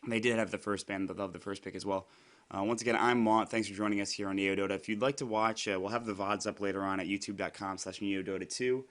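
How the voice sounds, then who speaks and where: A young man, slightly hoarse from being sick, doing solo play-by-play commentary in a chatty, rambling way with frequent fillers and self-corrections. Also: fairly low pitch, fairly even intonation, fast, a bit bright. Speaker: esports commentator.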